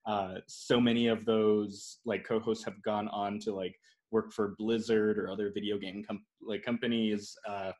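Halting male podcast host. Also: lowish voice, little pitch movement, a little mellow. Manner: halting, restarts often. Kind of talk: casual chat.

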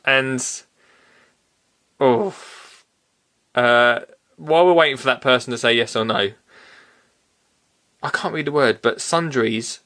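A podcast host with a mid-range voice tells a story in a casual, animated way, laughing often.

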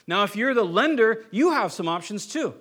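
A middle-aged pastor with a high-pitched voice delivers a sermon in a loose, conversational way. He keeps asking his listeners "right?" and slips into acting out the people in his stories. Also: very animated, moderate pace, a bit bright. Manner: conversational, acts out quoted people, frequent "right?".

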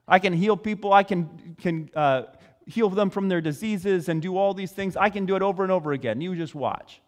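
A man acting out a bragging show-off who keeps offering to repeat his feats. The voice is fairly high for a man. It sounds boastful and sits in a long-reverb hall. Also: moderate pace, close to an everyday voice. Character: boastful imagined man showing off miracles.

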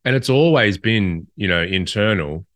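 A man's voice: lowish voice, lively intonation, moderate pace, fairly bright tone, no echo. A man co-hosting a casual podcast chat, reflective and thoughtful. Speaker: podcast co-host.

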